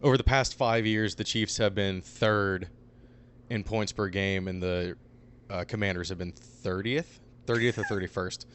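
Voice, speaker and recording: A man's voice: on the low side, fairly even intonation, unhurried, fairly bright tone, slight background noise. A young man co-hosting a casual sports podcast, easygoing and agreeable. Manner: easygoing, agreeable, laughs often. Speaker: podcast co-host.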